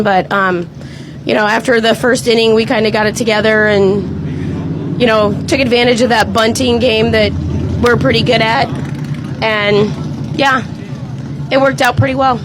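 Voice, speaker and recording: A woman's voice: a little high, background noise. A woman guest recounting her team's game hesitantly, with many ums and you-knows. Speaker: guest player. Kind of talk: casual chat.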